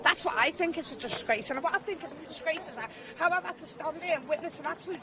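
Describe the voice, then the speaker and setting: A woman's voice: extremely high pitch, quick pace, few pauses, far from the mic. A woman supporter speaking outraged and emotional outdoors at a protest. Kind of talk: emotional street speech. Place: outdoors on a city street at a protest. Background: crowd noise.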